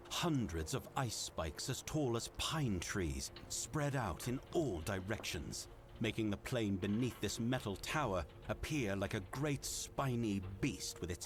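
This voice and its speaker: Give me a deep-voiced man reading fantasy narration slowly and dramatically. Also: slight background noise. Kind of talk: scripted narration. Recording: loud music behind.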